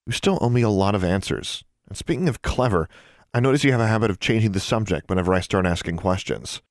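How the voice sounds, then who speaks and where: A man reading an audiobook, voicing a stern, secretive wizard father who speaks in a calm, measured, formal way. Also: lowish voice, dry recording, clean studio sound, lightly acted.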